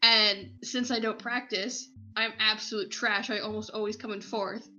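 A young woman with a bright, sharp voice makes wry, easygoing remarks on a relaxed podcast. Her mic sounds dull and lo-fi. Her pitch sits in an ordinary middle range. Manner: wry, casual, quick quips. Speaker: podcast co-host. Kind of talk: casual chat.

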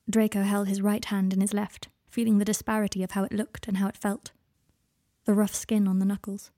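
A woman podcast host reading her fan fiction aloud in a soft, even storytelling manner. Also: mid-range voice, brisk, no room sound, clean studio sound.

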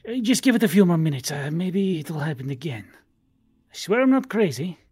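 A man voicing an excitable young male tabaxi sailor who insists on what he saw. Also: fairly high pitch, brisk, slightly rough, no room sound, heavily acted. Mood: pleading.

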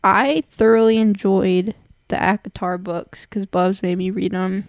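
A woman's voice: medium pitch, steady tone, measured pace, gravelly, dry recording, studio quality. A woman guest on a podcast, chatting casually and giggling often. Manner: giggly, reactive. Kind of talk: casual chat.

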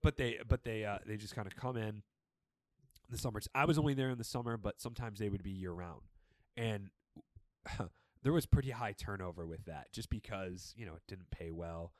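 A man's voice: fairly low pitch, moderate pace, no echo. Laid-back young man telling work stories. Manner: animated storytelling, swears freely. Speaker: podcast co-host. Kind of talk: casual chat.

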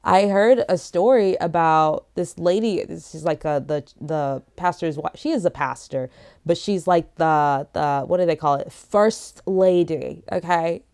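A woman's voice: fairly low pitch, measured pace, a little mellow, clean tone. Rambling young woman podcaster. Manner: rambling, joking, many "like" fillers. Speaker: podcast host. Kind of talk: casual solo podcast chat. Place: lying down at home.

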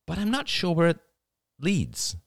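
A man's voice: fairly high pitch, huge pitch swings, unhurried, gravelly, no room sound, studio quality, voice pushed up, exaggerated voice. A man voicing a frank, intense young father in an audiobook, blunt and exasperated.

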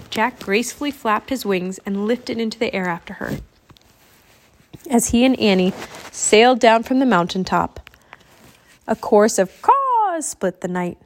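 A woman reading a children's adventure book aloud in a steady storytelling manner. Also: medium pitch. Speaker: audiobook reader.

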